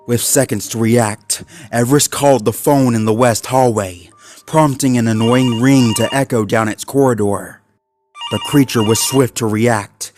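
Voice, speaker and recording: A man reading a horror fan story aloud in a measured, ominous way. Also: medium pitch, darkish tone. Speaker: narrator. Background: faint background music.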